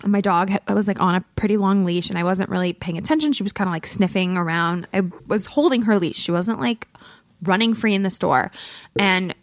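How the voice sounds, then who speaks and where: A woman's voice: medium pitch, fairly even intonation, a little fast, no echo. A woman co-hosting a podcast, recounting a story in a loose, rambling way with plenty of "like"s. The recording is dry and close, with no room sound. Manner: chatty storytelling, many fillers. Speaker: podcast co-host. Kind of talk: casual chat.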